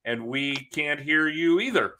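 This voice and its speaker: A man's voice: a little high, lively intonation, measured pace, sharp tone, slight background noise. A man hosting a podcast over a video call, talking in a loose, jokey, chatty way and laughing often. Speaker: podcast host and sales coach. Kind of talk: casual chat.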